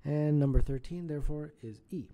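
A man working through contest math problems aloud as a tutor, casual and quick to correct his own slips. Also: fairly high pitch, mellow.

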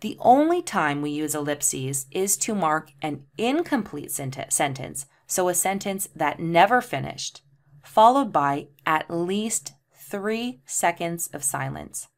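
A woman's voice: lowish voice, big pitch swings, slow. A woman explaining transcription rules in a tutorial, reading example sentences aloud and spelling out the punctuation. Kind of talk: screen-share tutorial.

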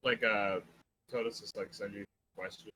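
A man's voice: fairly low pitch, steady tone, normal speed, bright, forceful tone, a little hiss or hum, poor audio. A man on a voice call who stammers and repeats himself. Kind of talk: casual chat.

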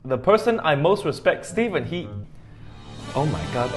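A young man laughs his way through fan memes in a comedic reaction, his fairly high voice leaping all over the place. He is animated and keeps slipping into exaggerated voices. Faint music plays behind him. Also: normal speed.

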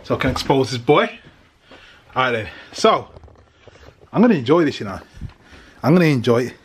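Lively teasing British dad. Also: male voice, mid-range voice, brisk, husky. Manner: teasing, jokey, bantering. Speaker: family vlogger dad. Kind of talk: casual family vlog. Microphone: handheld camera.

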